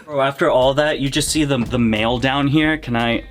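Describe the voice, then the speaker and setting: A young man hosting a casual reptile vlog, excitable, laughing often and cursing casually. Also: medium pitch, moderate pace, faint music behind. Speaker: reptile breeder and channel host.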